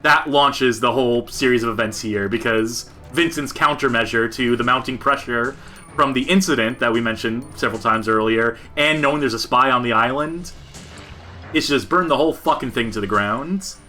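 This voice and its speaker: A man co-hosting a podcast, giving joking, animated commentary on a game. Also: medium pitch, moderate pace. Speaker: podcast co-host.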